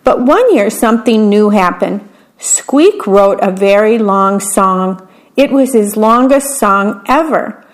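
A woman reading a children's picture book aloud, pausing to describe the pictures in a chatty aside. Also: mid-range voice, expressive, low-quality recording. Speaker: storybook reader.

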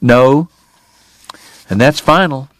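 An audiobook narrator voicing a dying gentle gambler who speaks softly and with resignation to the woman he loves. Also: medium pitch, takes it slowly, dry recording. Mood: firm. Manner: soft, resigned, soothing. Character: dying gentle gambler man, weary and tender.

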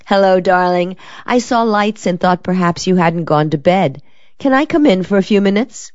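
Woman reader doing a reserved young soldier, clipped and earnest, low voice, dry lo-fi recording. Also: lively intonation, normal speed, darkish tone, dry recording, natural voice. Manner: clipped, serious delivery.

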